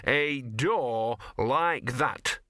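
A scruffy, cynical male talking dog with a gloomy, knowing way of dragging out his words, as a man puts him on. The voice is bright and forward. The recording is dry and close. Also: mid-range voice, expressive, no echo, pitched above the performer's own voice. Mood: ominous. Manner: gloomy, knowing, drawn-out working-class talk.

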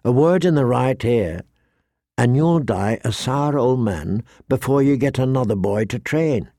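A man reading an audiobook, voicing a clever dwarf nobleman who speaks in a calm, wry way. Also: mid-range voice, a little slow, creaky, no echo, clean studio sound.

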